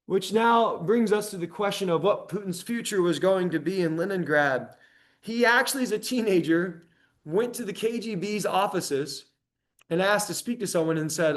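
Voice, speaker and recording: A man giving a public library history lecture, talking in a conversational, animated way with frequent ums. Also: on the high side, fairly quick.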